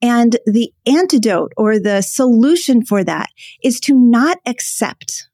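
A woman's voice: on the high side, animated, slow pace, warm tone, no echo, studio quality. A woman hosting a solo podcast as a coach, talking to listeners in an earnest, emphatic way and repeating her key phrases. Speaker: podcast host and ADHD coach.

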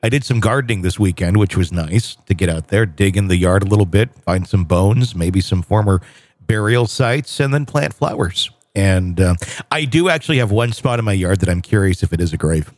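A man's voice: sits low, animated, normal speed, darkish tone, no room sound. A man co-hosting a podcast, chatting casually and rambling through jokes. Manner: rambling, joking. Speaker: podcast co-host. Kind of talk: casual chat.

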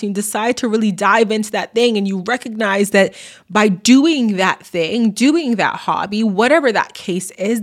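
Animated woman hosting an astrology vlog. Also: mid-range voice. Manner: animated, playful, calls viewers baby, slangy asides. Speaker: astrology channel host. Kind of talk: motivational astrology talk to camera.

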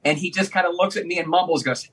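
A man with a high, husky voice, talking casually as a guest. He is a former radio DJ from Northeast Ohio. He tells animated stories and laughs often. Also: rapid-fire, low-quality recording. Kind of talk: casual conversation, storytelling.

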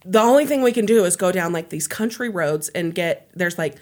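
A woman casually retelling a true-crime story to a friend, animated and laughing, her voice jumping high when excited. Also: brisk.

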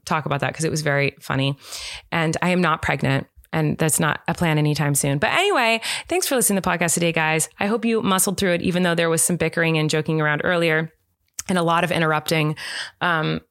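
A woman hosting a podcast, chatting casually and retelling a family story in an animated way, full of "like" fillers. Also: low-pitched, fast talker, no echo, studio quality. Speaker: podcast host. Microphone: podcast microphone.

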